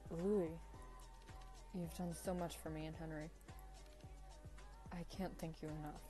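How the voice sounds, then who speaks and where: A woman's voice: low-pitched, steady tone, measured pace, dark tone. A woman voicing a weary, apologetic young man. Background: background music.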